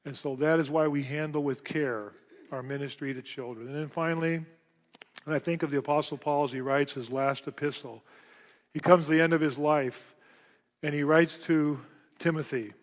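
A man's voice: on the high side, fairly even intonation, normal speed. A man preaching a sermon as pastor, earnest and emphatic, often repeating his words. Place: church sanctuary. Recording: long reverb of a church hall.

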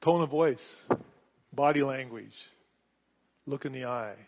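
A middle-aged man preaching a sermon, telling the story with animated delivery and rhetorical questions. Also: mid-range voice, a little slow. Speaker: pastor. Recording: muffled sound, long hall reverb.

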